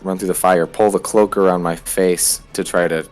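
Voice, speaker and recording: A man with a very low voice plays a tabletop game, thinking his moves through aloud with hesitant pauses. Faint music plays behind him. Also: fairly even intonation. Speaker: player.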